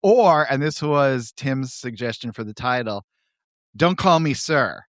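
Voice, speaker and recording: A man's voice: mid-range voice, measured pace, no room sound, clean studio sound. A man co-hosting a podcast in casual chat, reading comic strips aloud and laughing along, with faint music behind. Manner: animated, laughs while reading. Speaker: podcast co-host.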